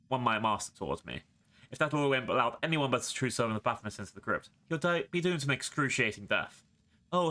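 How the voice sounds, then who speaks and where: A man's voice: medium pitch, pushed and bright. A man voicing a scheming female cult priestess who mocks and taunts her enemies. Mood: cruel. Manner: mocking, taunting.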